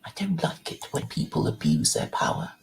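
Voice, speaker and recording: A woman hosting a livestream in casual chat, rambling with many restarts and soft, half-whispered asides. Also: low voice, huge pitch swings, moderate pace, vocal fry, poor audio. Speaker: livestream host.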